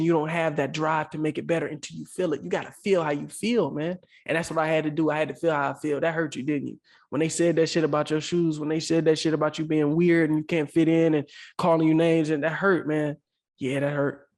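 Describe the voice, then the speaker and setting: A man co-hosting a podcast, talking earnestly and emotionally in casual slang, calling the listener "bro" again and again. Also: fairly high pitch. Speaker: podcast co-host. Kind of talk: heartfelt casual podcast talk.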